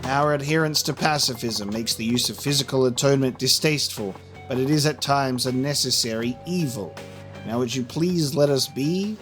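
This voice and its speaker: A man's voice: medium pitch, normal speed, over music, lightly acted. A man playing a smug formal cultist. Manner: smug, formal, veiled threats. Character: smug calm male cult member. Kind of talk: reading game dialogue aloud.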